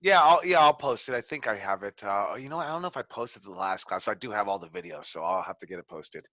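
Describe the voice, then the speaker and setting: A man coaches a wrestling promo class with upbeat encouragement. His voice is bright and forceful, and the recording is dull and lo-fi. The sound is dry. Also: on the low side, lively intonation, fast talker, no room sound. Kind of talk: class critique. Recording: dull lo-fi audio.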